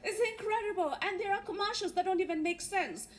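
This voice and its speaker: A woman's voice: very high voice, fairly quick. A woman with a Kenyan accent performing a wry stand-up comedy set on a theatre stage. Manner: wry, punchline-driven delivery. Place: theatre stage before a laughing audience. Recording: live theatre recording with faint noise.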